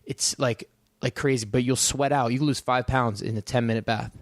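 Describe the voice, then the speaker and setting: A man's voice: medium pitch, fairly even intonation, normal speed, dry recording, clean studio sound. A young man with a North Jersey accent, a fighter chatting casually on a podcast and telling stories in loose, rambling bursts. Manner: loose, rambling storytelling with restarts. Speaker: guest, professional fighter.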